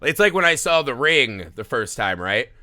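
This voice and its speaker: A man in his thirties from the US Midwest, a podcast host telling a story in casual chat, swearing and acting out shouts with laughs. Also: mid-range voice, normal speed. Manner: animated, swearing, acts out shouts and laughs while telling stories.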